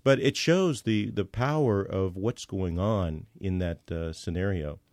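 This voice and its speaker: Low-voiced man telling a story, halting. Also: darkish tone, no echo, studio quality. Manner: halting, with many fillers and restarts. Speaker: guest. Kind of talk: storytelling in casual conversation.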